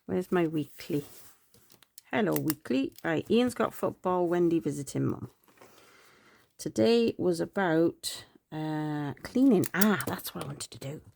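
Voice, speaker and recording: A woman's voice: deep voice, expressive, a little slow, gravelly. A middle-aged woman chatting through her planners, rambling and correcting herself, tired and yawning. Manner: rambling, self-correcting, soft laughs. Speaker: planner vlogger.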